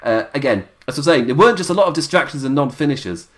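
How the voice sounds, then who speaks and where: A man's voice: medium pitch, lively intonation, fast. A man giving a casual spoken review of a wrestling show, rambling along with frequent chuckles and filler sounds.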